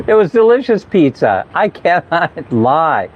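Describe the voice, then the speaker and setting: A man's voice: on the high side, a little hiss or hum. A man talking casually in a travel vlog, chatty and laughing often as he tells stories. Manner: chatty, laughs often, mimics people for fun. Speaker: travel vlogger. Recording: slightly dull outdoor recording.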